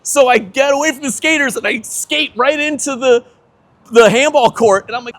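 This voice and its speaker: A man in his fifties, a veteran skateboarder telling an animated story, laughing often and swearing casually. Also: very high voice, normal speed.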